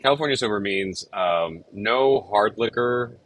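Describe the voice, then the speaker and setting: A man's voice: lowish voice, a little slow, fairly bright tone, low-quality recording. A man chatting casually about writing a song, rambling with many fillers and restarts. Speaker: songwriter and show host. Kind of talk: casual chat about songwriting.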